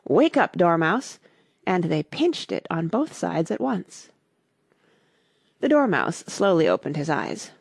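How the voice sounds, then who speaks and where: A woman narrating a classic storybook with an expressive, lively reading. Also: lowish voice, measured pace, gravelly, husky, dry recording, clean studio sound. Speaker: audiobook narrator.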